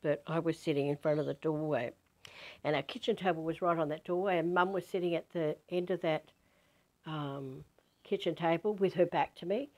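An Australian woman over fifty from Western Australia, telling a personal spiritual story in an animated way. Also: low-pitched, normal speed. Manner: animated, acts out quoted voices. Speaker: spiritual teacher.

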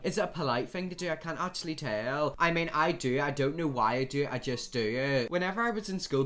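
A man's voice: mid-range voice, fairly bright tone. A young man, chatting and ranting casually as he reacts to short videos. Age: young adult. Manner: chatty, ranting, often exasperated.

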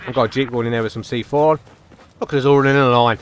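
A young man giving excitable, chatty commentary over his own game, talking to himself and his teammates. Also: mid-range voice, racing, noisy background. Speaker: gaming channel host. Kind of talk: live gameplay commentary.

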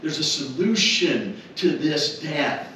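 A man preaching a funeral sermon, deliberate and emphatic, repeating key words and dropping to soft low tones. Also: animated, far from the mic, slight background noise. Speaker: minister. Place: funeral home chapel. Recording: very echoey chapel, heard from afar.

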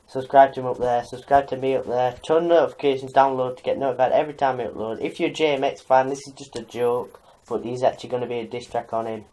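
A man's voice: mid-range voice, warm tone, low-quality recording. A young man, doing casual reaction commentary on a video, mock-indignant and swearing in jest.

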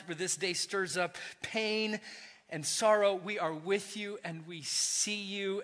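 A man preaching a sermon as pastor, earnest, swinging from emphatic lines to hushed, soft ones. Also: fairly high pitch. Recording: reverberant church hall.

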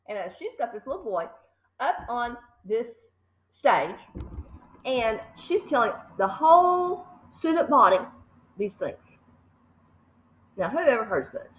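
A woman teacher reads a children's book aloud at a slow, unhurried pace, her pitch swinging widely and expressively. She breaks off for chatty asides to her listeners, in a roomy space with a clear echo. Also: very animated, slight background noise.

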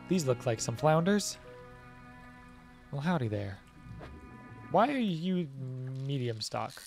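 A man's voice: medium pitch, a little mellow. A man streaming a video game, chatting playfully and joking with the fish he finds as he plays. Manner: playful, jokey, talks to the fish. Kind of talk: casual gameplay commentary. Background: faint game music.

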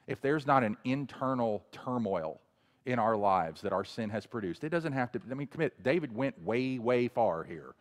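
A man preaching a sermon as pastor, earnestly, rising loud on impassioned passages and falling low and quiet. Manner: earnest preaching, swelling loud when voicing a plea, then dropping low and quiet. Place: church sanctuary. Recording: long reverb of a church hall.

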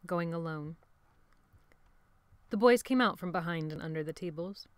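Woman narrator, low voice, steady dramatic reading, dry recording. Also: normal speed, clean tone, no echo. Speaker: audiobook narrator. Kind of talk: scripted narration.

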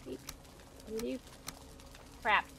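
A woman's voice: extremely slow, bright, forceful tone, slight background noise. A woman live-streaming a game, thinking aloud in a chatty, playful, teasing way. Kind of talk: live-stream gameplay chat.

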